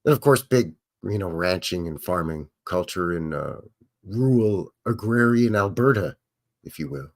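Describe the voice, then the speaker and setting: A middle-aged man hosts a relaxed livestream, rambling on and chatting with viewers as he goes. His pitch swings widely up and down, and he talks in a loose, unscripted way. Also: measured pace. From Canada. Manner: rambling, chatty, greets chat viewers by name. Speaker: livestream host. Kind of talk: casual live commentary over old footage.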